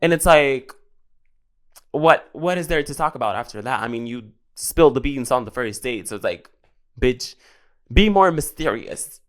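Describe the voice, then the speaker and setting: A man's voice: mid-range voice, animated, normal speed. A young man, hosting a podcast in sassy, dramatic casual chat. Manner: sassy, dramatic, switching between English and Bulgarian. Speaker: podcast host.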